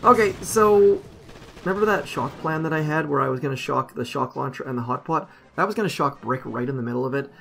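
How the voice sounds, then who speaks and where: A man commentating over his own mobile strategy gameplay, rambling casually and mocking his own mistakes, with sudden excited outbursts. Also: mid-range voice, creaky, slight background noise. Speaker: gaming commentator.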